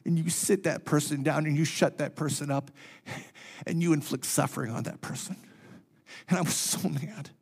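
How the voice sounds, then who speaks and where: A male pastor preaching a sermon through a personal story, swinging between loud and hushed and repeating phrases for emphasis. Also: fairly high pitch, steady tone, normal speed, gravelly, slightly rough.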